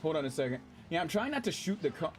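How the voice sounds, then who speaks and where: A man streaming a game, chatting casually with his audience in an excitable, chatty way and swearing freely. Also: a little high, fast talker, a little hiss or hum. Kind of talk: casual gameplay commentary.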